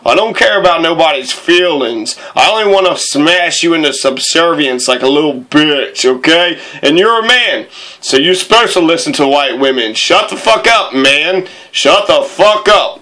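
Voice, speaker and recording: Brief: man putting on a preachy woman official, a bit high and bright, sarcastic and profane. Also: lively intonation, normal speed. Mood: smug. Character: smug female school official excusing abusive teachers.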